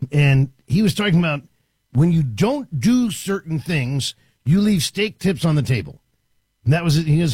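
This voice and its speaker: A man hosting a talk radio show from a studio, delivering an animated, emphatic monologue with frequent restarts. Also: fairly high pitch, moderate pace, slightly rough, no room sound.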